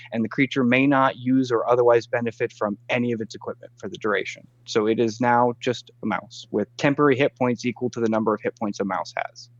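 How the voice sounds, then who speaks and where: A man's voice: mid-range voice, no room sound, lo-fi sound. A man playing a tabletop game, casually describing his turn and reading the rules aloud at length, with fillers. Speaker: player.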